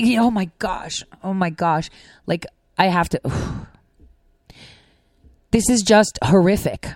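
A woman's voice: on the high side, dry recording. A woman giving an emotional, outraged monologue as a commentator, close to tears. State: near tears. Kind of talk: impassioned monologue.

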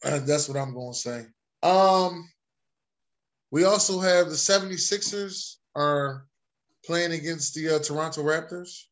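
A man with a slightly higher voice hosts a loose sports chat, calling on his friends for picks. He teases them in quick, exclaiming bursts. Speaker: host. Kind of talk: casual sports podcast chat.

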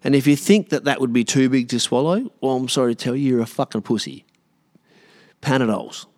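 A man's voice: medium pitch, brisk, a little mellow. Swearing Australian man in his thirties ranting. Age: 30s. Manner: profane, rambling, sarcastic. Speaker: podcast host. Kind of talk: solo rant.

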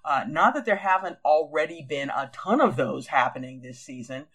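Guy with a higher voice reading out comments, playful and animated. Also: normal speed, breathy edge. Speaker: podcast co-host. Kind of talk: casual discussion and reading listener comments.

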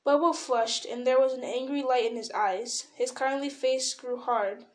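A woman reading a novel aloud, with even, unhurried storytelling. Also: sits high. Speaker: reader.

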